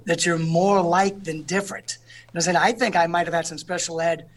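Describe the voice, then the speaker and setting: A man speaking as a guest in an interview, telling stories with lively energy and often asking "you know what I'm saying". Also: a little high, a little fast.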